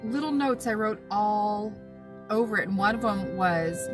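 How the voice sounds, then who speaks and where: A woman vlogger at an outdoor campsite, giving an earnest, emotional devotional talk with halting pauses and fillers. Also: mid-range voice, lively intonation, recorded from a distance, music in the background.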